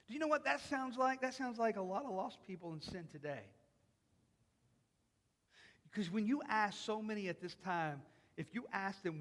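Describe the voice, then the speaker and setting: A man's very high, bright, forceful preaching rings out through a church sanctuary with long reverb. Speaking at a normal pace, he acts out imagined voices during the sermon and builds to loud, emphatic moments.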